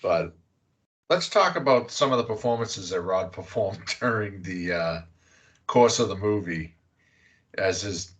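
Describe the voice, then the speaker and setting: A podcast host with a low-sitting voice and fairly bright tone recaps a movie in a loose, rambling way, dropping fillers and the odd curse. His intonation is lively, and he talks a little slowly with frequent pauses.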